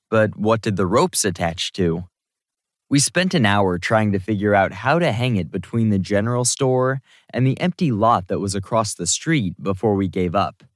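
Male audiobook narrator, wry and lively first-person reader, low voice with an expressive range. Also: no echo, studio quality.

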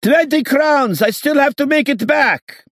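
A man voicing a greedy driver who screeches in falsetto and shouts. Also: unhurried, creaky, no room sound, studio quality, full character voice. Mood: furious. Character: greedy shrieking male driver.

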